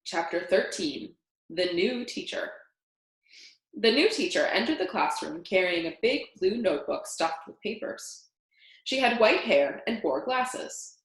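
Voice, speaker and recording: A woman reads a children's storybook aloud, with expression in every line. Her pitch rises and falls a lot. The recording sounds echoey. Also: unhurried. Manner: expressive, animated. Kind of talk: reading a children's book aloud. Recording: echoey room.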